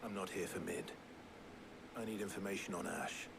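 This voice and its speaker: A grim, resolute warrior. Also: male voice, low-pitched, fairly even intonation, moderate pace, vocal fry, background noise. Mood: determined. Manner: terse and resolute.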